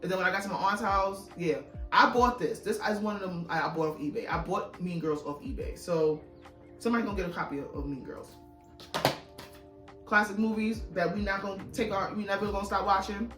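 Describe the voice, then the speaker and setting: A woman's voice: medium pitch, a bit bright, far from the mic. A chatty, casual woman vlogging about her movie collection, swearing freely and rambling. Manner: chatty, swears casually, self-described yapper. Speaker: YouTuber reviewing her DVD haul. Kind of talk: casual vlog chat. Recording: echoey room, a bit off-mic, faint music.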